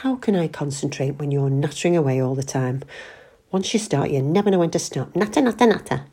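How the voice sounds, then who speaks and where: A woman's voice: low-pitched, animated, fairly quick, mellow, breathy edge, heavily acted. A woman voicing an impatient, sulky, sarcastic middle-aged husband who grumbles at his wife.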